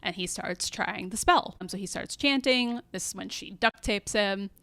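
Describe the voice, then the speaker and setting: A woman's voice: medium pitch, normal speed, no echo. A woman co-hosting a podcast, recapping a TV episode in casual chat and acting out quoted lines with lots of laughter. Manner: animated, acts out quoted lines, laughs often. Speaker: podcast co-host.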